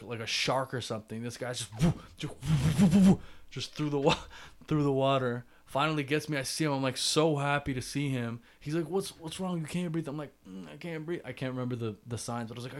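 Chatty young man telling a story. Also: medium pitch. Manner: chatty, filler-heavy, many restarts and "like". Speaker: podcast host. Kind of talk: solo storytelling podcast.

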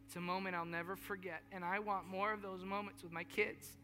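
High bright-voiced preacher man, hall reverb. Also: level tone, brisk. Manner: earnest, repetitive, swinging between hushed and rising passages. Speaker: pastor. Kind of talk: sermon. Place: large church hall. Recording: long hall reverb with faint music.

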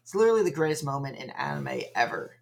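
A man's voice: mid-range voice, big pitch swings, fast talker, vocal fry, slight background noise. A young man co-hosting a casual podcast, dry and rambling as he recaps episodes. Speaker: podcast co-host. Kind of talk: casual chat.

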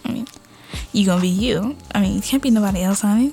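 A young woman hosting her own podcast, chatting loosely with lots of fillers and restarts and often dropping into a soft whisper. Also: medium pitch, quick pace, creaky, soft background music. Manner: rambling, many fillers and restarts. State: out of breath. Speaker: podcast host. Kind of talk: casual solo podcast chat.

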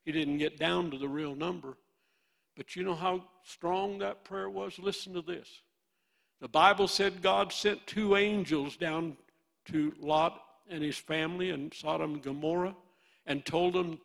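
A man in his eighties with a Midwestern American accent, preaching a sermon and swinging from loud bursts to hushed storytelling. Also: fairly high pitch, a little slow, creaky. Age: 80s.

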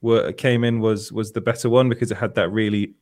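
A man as a guest in a casual chat, relaxed and measured, sometimes restarting his sentences. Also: on the low side. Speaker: podcast guest.

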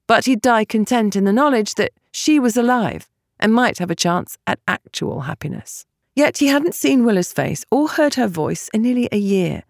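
A woman narrating a novel as an audiobook, with expressive storytelling. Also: fairly low pitch, no room sound, studio quality.

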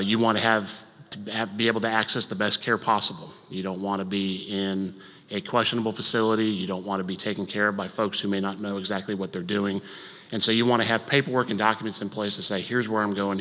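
A soft-spoken man in his thirties teaches an estate planning class in a church auditorium, talking casually through a microphone with fillers and the odd joke. His voice sits a little low but has a forceful, bright edge. A long reverb from the large hall trails behind every phrase. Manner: conversational, with fillers and light jokes; speaks softly. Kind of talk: informal lecture to a congregation.

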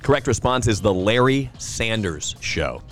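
Low-voiced man hosting pub trivia. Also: lively intonation, unhurried, soft background music. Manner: upbeat announcer who repeats each question and banters between rounds. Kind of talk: casual podcast quiz announcing.

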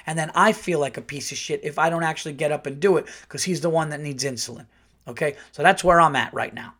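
Animated, profane male comedian telling stories. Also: on the high side. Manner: animated, profane, rambling with restarts. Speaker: podcast host, comedian. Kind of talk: comic storytelling monologue.

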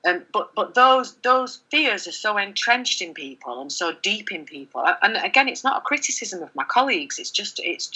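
Bright, husky middle-aged woman. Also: medium pitch, rough recording. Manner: candid and animated, many fillers and restarts. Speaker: journalist, interview guest. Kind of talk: conversational interview.

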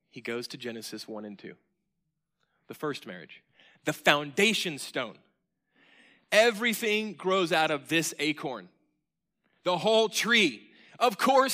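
A man preaching a sermon to his church congregation, earnest and emotional, swinging from loud emphasis down to near-whispers. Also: a little high. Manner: earnest, emotional, admits crying mid-sermon. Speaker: pastor. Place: church sanctuary.

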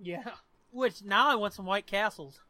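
A man's voice: high voice, unhurried, bright, forceful tone, dry recording. A man co-hosting a podcast in casual chat, swearing freely, laughing often and telling jokes. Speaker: podcast co-host.

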